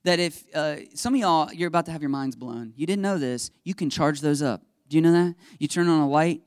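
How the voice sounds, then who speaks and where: A male pastor giving a casual, animated sermon in a church, acting out the people in his stories. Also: fairly high pitch, a little fast, smooth, dry recording, studio quality. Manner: animated storytelling, acts out voices. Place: church sanctuary under stage lights.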